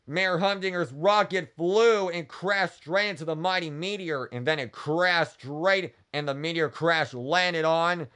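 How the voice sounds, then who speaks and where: A man retelling a cartoon story for kids as a channel host, stringing events together with "and then" in a halting way. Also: fairly high pitch, bright, forceful tone, clear, resonant tone.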